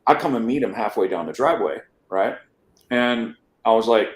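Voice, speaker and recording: A man's voice: fairly low pitch, lively intonation, normal speed, reverberant. A man guest on a podcast, telling his life story in a rambling casual way, often restarting words and checking in with "right?". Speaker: interview guest.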